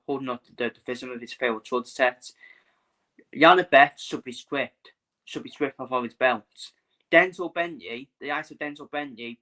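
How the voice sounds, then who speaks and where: A man's voice: medium pitch, sharp tone. A man hosting a live football watchalong, chatting bluntly and casually, swearing freely and repeating himself.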